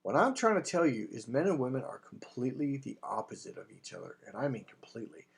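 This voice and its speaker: A man's voice: mid-range voice, sing-song, fast talker, gravelly, husky. A man talking as a dating coach, delivering an emphatic, blunt sales monologue with casual swearing. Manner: acts out quoted voices in anecdotes.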